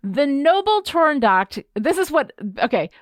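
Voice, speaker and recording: Animated woman from New York State. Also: high-pitched, measured pace, no room sound, clean studio sound. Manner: animated, self-deprecating storytelling. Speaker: podcast co-host. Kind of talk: casual chat.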